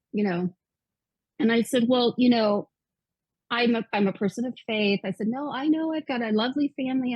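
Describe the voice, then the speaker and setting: A woman's voice: a little high, breathy edge, no echo, rough recording. A woman in her fifties, a guest author, earnestly retelling a personal story with quoted dialogue. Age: 50s.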